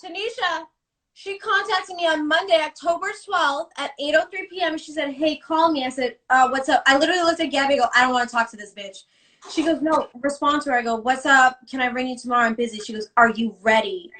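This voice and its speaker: A woman's voice: high-pitched, a bit bright. A woman as a podcast guest, speaking bluntly and profanely, checking dates and details as she talks. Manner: blunt, profane, quick to cite dates and receipts. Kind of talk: casual gossip chat.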